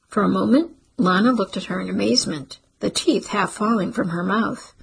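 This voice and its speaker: A woman narrating a literary story in a steady audiobook reading. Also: mid-range voice, moderate pace, vocal fry, few pauses, husky, rough recording.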